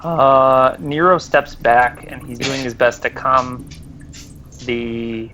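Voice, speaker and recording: Calm player describing his character. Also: mid-range voice, slow, poor audio. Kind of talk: tabletop role-play.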